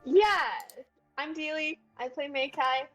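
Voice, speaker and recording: A woman's voice: high-pitched, slow, fairly bright tone, soft background music. A young woman introducing herself as a tabletop game player, casual and giggly.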